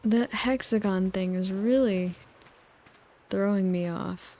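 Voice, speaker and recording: A woman in her twenties rambling gently into a close microphone as a sleep-aid video voice-over, meandering and quiet. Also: mid-range voice, slow pace. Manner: gentle, meandering, with frequent "like" fillers. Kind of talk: soft-spoken sleep rambling over gameplay.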